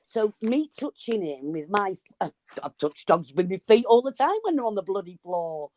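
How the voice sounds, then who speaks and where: A woman telling a story in casual chat, animated and swearing freely. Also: mid-range voice, normal speed, a little hiss or hum. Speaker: live stream guest.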